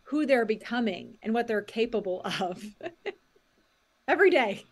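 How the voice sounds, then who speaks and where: Woman, middle-aged, podcast guest, a bit high, animated storyteller, laughs often, acts out quotes. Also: unhurried. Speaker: guest, mindset coach and author. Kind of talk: podcast interview.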